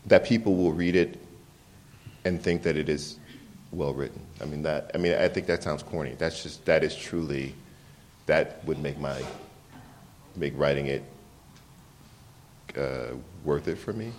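A man's voice: very deep voice, slight background noise. A man, an author, telling personal stories in an interview with frequent restarts and laughter. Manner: animated, laughs often, halting restarts. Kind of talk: candid conversational storytelling.

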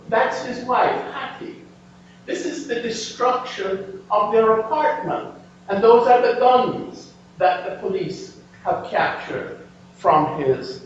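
Man lecturer, high voice, slow and emphatic, distant echoey lo-fi hall recording. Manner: animated, emphatic, addresses audience. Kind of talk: history lecture with slides. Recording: echoey, distant, dull lo-fi room recording with faint hum.

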